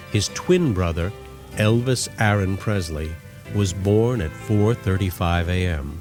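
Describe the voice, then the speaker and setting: Lively, low-voiced documentary narrator. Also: male voice.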